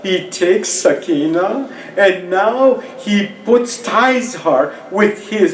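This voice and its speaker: A male preacher delivering a mourning sermon, emotive and slow, with moments where he rises to cries. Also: high voice, animated, distant mic. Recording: echoey room.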